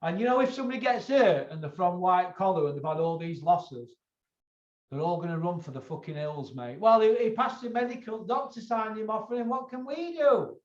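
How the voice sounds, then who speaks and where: A man's voice: sits high, lively intonation, brisk. A man hosting a boxing chat show, blunt and lecturing, swearing freely. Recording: echoey, dull lo-fi room sound.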